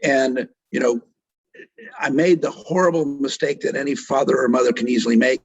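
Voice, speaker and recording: A middle-aged man with a husky, slightly rough voice tells a story in an interview. He is earnest and moved, and acts out the voices of the people he quotes. The recording is dry and close, with no room sound. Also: mid-range voice, steady tone, moderate pace, no room sound, highs cut off. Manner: vivid retelling that acts out quoted speech. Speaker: doctor and author being interviewed.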